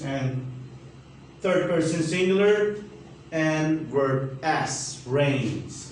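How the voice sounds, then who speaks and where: A man with a Turkish accent teaching an English grammar lesson, speaking slowly and emphatically and spelling letters out. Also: on the high side, darkish tone, very echoey, distant mic, slight background noise, rough recording.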